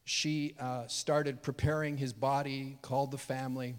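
A male pastor telling a story from the pulpit, earnest and heartfelt. His voice sits at an ordinary middle pitch, but it drops to a hush and then climbs loud and high at the emotional peaks. A long hall reverb trails every phrase. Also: little pitch movement, a little slow, smooth. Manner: earnest, swings from hushed to loud and high when moved. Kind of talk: sermon storytelling.

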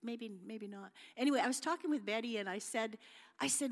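A woman's voice: fairly high pitch, a little fast. A middle-aged woman giving an informal church talk with slides, chatty and homely, with many fillers and restarts. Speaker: guest speaker at church. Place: church hall. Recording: long hall reverb.

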